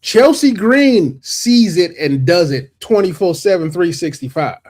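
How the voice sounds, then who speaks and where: A man's voice: high voice, expressive, a little slow, a little mellow. A man co-hosting a wrestling podcast, talking casually in rambling runs with repeated restarts. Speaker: podcast co-host. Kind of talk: casual wrestling debate chat.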